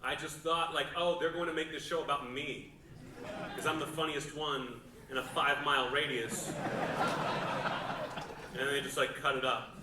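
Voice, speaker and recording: A man in his thirties from the Pittsburgh suburbs doing crowd-work questions on a theater stage, deadpan, with odd pauses and lots of swearing. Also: on the high side. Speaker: stand-up comedian. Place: large theater. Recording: roomy, distant theater recording with crowd noise.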